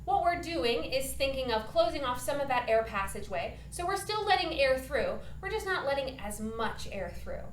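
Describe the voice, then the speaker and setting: In a roomy recording with a little hiss or hum, a high-pitched woman teaches a children's singing lesson. She's upbeat and encouraging, demonstrating points with her own voice.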